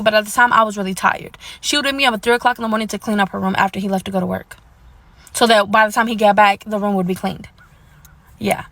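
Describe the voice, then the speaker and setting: A woman telling a personal story in a casual, candid storytime, blunt and animated, sometimes swearing. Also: medium pitch. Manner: animated, indignant retelling.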